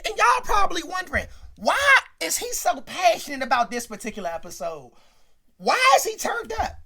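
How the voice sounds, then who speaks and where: Guy ranting comedy stories, high bright voice, loud and repeating himself. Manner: animated, exclamatory, repeats lines for effect. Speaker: comedic show host. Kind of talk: comedic storytelling rant.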